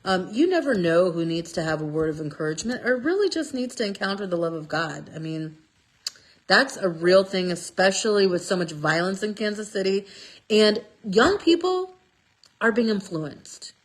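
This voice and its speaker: A woman telling a Bible story in a casual, lively way, often checking in with "okay?". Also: mid-range voice, normal speed. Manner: lively, chatty, stresses words with "okay?". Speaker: speaker sharing a Bible passage. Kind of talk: casual storytelling talk about scripture.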